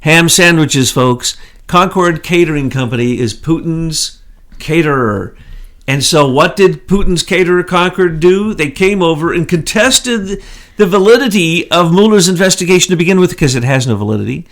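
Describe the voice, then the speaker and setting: A man's voice: on the high side, animated, normal speed. Indignant man firing rhetorical questions. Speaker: co-host. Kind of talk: political commentary chat.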